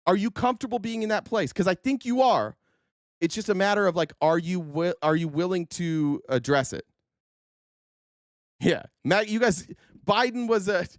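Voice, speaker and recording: Man, host, high-pitched voice, dry close sound, heated profane rant, rhetorical questions. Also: a bit bright, no room sound. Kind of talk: political commentary rant.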